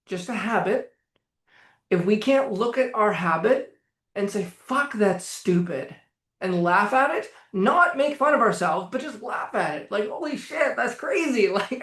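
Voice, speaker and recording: Blunt, swearing male coach in an echoey room. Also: high voice. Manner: blunt, profane, emphatic. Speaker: anxiety coach. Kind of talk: live-streamed motivational talk.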